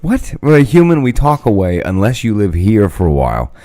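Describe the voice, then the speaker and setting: A man's voice: on the low side, huge pitch swings, a little fast, warm tone, no echo, studio quality. A man co-hosting a casual podcast chat, swearing freely and laughing often. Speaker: podcast co-host.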